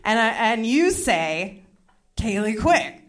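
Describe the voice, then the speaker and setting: A woman's voice: on the high side, very animated. Chatty young woman doing stand-up. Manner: chatty, self-mocking, quick asides to the crowd. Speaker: stand-up comedian. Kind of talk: stand-up storytelling.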